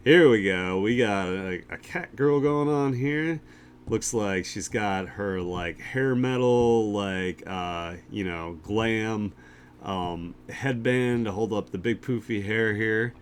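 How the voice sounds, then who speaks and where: A man hosting a casual art share stream, talking through the artwork in a loose, rambling way. He fills his talk with "like" and "um" and chuckles often. His voice sits on the low side. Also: slow pace, slight background noise. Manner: laid-back and rambling, with many fillers and chuckles. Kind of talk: casual live-stream chat.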